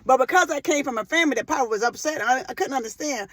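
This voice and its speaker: A woman in her forties giving a faith-based motivational talk, emphatic and impassioned, repeating phrases for weight and breaking into loud emotional bursts. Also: high-pitched, animated, racing, no echo. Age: 40s. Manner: rises to loud emotional outbursts. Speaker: motivational speaker.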